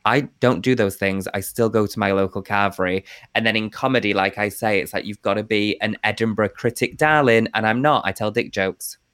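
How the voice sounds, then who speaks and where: A man's voice: on the low side, fairly quick, a bit bright, clean tone, no room sound, studio quality. A man, a guest comedian talking in a frank, chatty and cheeky way. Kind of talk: casual chat.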